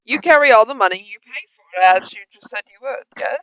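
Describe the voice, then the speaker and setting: A woman serving as game master, narrating a tabletop game in a calm, steady way with some stumbles. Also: a little high, fast, no room sound, poor audio.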